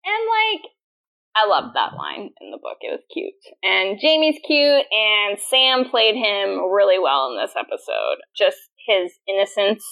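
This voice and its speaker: A young adult woman co-hosting a podcast in casual chat, animated and laughing as she acts out quoted lines. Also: medium pitch, measured pace, vocal fry, low-quality recording. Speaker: podcast co-host.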